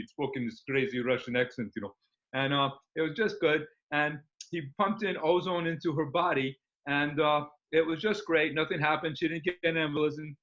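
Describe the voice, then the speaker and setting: A man's voice: on the high side, steady tone, moderate pace, a bit bright. A man guest in an interview, talking about healing in an enthusiastic, rambling way with many fillers. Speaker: guest, natural healing practitioner. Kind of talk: casual interview talk. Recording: slightly dull lo-fi audio.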